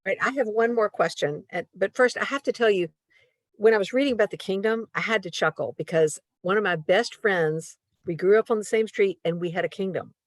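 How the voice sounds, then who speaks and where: A woman co-hosting a library author talk over a video call, talking in a quick, apologetic way when she asks a question. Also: mid-range voice, no echo. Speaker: library event host. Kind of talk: casual interview chat.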